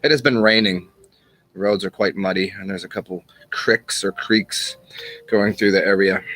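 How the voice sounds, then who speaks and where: Male channel host, low-ish voice, rambling casual storyteller. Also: steady tone, fairly bright tone, faint music behind. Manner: rambling and unhurried, with restarts and chuckles. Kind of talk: casual spoken teaching and storytelling.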